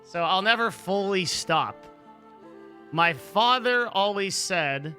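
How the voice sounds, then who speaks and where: Man, live-stream chat, very bright sharp tone, slightly high voice, blunt, profane, rambling. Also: animated, takes it slowly, faint music behind. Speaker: livestreamer answering chat.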